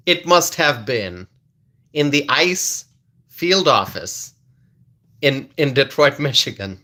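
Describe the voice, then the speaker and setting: A man's voice: mid-range voice, lively intonation, bright, forceful tone. A man hosting a casual political livestream, laughing often and repeating lines for effect, with frequent restarts. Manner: slow drawn-out delivery with many restarts. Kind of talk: casual commentary to live viewers.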